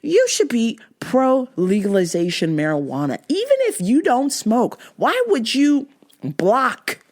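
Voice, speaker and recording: Animated, profane woman ranting. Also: a little high, measured pace. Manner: blunt, profane, exasperated. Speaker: podcast host. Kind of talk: casual storytelling rant.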